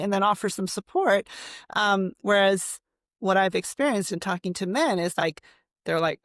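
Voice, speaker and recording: Gravelly-voiced woman explaining in a dry room. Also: mid-range voice, moderate pace, no room sound. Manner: animated, uses fillers and rhetorical questions. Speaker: guest therapist. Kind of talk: conversational explaining.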